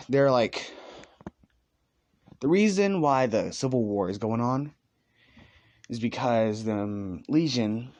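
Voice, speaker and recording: A man's voice: medium pitch, a little mellow, dry recording. A man casually retelling a fan story, rambling with lots of "like" and "let's just say," sometimes walking around as he talks.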